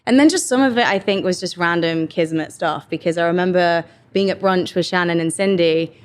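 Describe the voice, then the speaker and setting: Chatty English woman, low voice. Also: a little fast. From England. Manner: chatty, animated storytelling with quoted asides. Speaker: actor guest. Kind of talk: casual interview chat.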